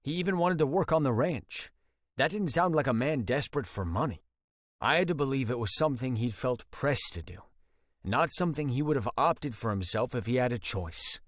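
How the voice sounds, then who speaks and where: A man's voice: mid-range voice, lively intonation, moderate pace, dry recording, studio quality. A man narrating a romance audiobook in first person, tense and intense.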